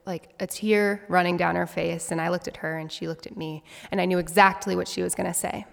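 A woman's voice: fairly low pitch, gravelly. A woman in her twenties telling a personal story as a speech, in an earnest, reflective way. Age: 20s. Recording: long hall reverb.

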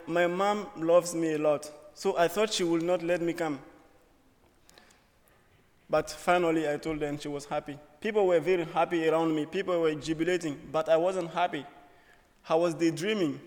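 Young man telling a story in a reverberant hall. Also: a little high. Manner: earnest, humorous storytelling in short phrases. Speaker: student speaker. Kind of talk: personal story speech. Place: auditorium.

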